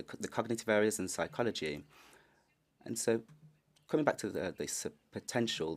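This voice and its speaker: A man interpreting a panelist's Spanish into English on the fly, halting with many fillers. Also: deep voice. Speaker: conference interpreter. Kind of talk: simultaneous interpretation.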